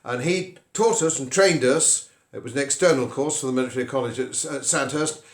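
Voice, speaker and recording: An older man from England giving conversational commentary to camera, telling a wry story with animated delivery. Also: mid-range voice, brisk, echoey room.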